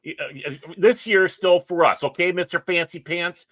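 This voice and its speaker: A man in teasing, jokey chat as a podcast co-host. His voice sits fairly high and bright, and his pitch moves a lot. The sound is dry and close. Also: normal speed, dry recording. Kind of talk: casual chat.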